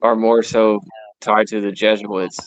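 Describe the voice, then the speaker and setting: A man's voice: fairly low pitch, level tone, unhurried, dry recording, highs cut off. A man on a podcast who puts his questions carefully and hesitantly, stopping to rephrase. His voice comes across dry and close, with no room sound. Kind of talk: casual podcast chat.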